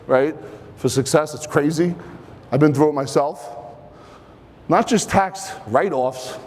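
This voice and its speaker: A somewhat high-voiced man, a little out of breath, presents a live seminar and keeps turning to the audience with quick questions. His voice carries a long reverb tail from the event hall he speaks in. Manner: energetic, engages the audience with questions.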